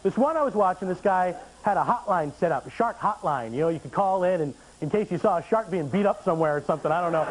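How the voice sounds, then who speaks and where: A stand-up comedian performs his set on a TV studio stage. He has a fairly high, very lively voice that climbs and drops constantly. He slips deadpan asides between hesitant uhs, and faint tape hiss sits underneath. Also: brisk, poor audio. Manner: animated, deadpan asides, frequent uh fillers. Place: TV studio stage before an audience.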